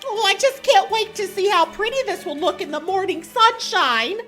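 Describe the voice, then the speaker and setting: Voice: extremely high pitch, expressive, normal speed, sharp tone, faint music behind, full character voice. A comedian voicing a prim, churchy middle-aged mom with a folksy Minnesotan accent, sing-song and prudish in a comedy sketch. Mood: sweet.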